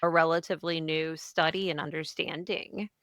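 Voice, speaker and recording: Low, bright-toned woman telling her story. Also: steady tone, moderate pace, dry recording, studio quality. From Ohio, US. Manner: earnest, reflective, speaks in long unfolding sentences. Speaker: guest. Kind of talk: candid personal interview.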